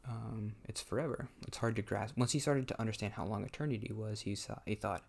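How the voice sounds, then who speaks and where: A man's voice: fairly low pitch, fairly quick, creaky, hardly any pauses. A man talking casually while he plays a game, thinking aloud in a hesitant way and often restarting his sentences. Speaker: gameplay commentator.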